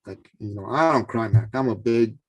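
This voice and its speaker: A man telling a story as an interview guest, animated and full of fillers and restarts. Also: lowish voice, moderate pace, slightly rough.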